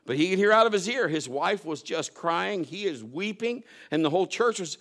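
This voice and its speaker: A man with a fairly high voice preaches a sermon. He tells stories and swings between loud, emphatic bursts and quiet, low asides. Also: lively intonation, moderate pace, few pauses.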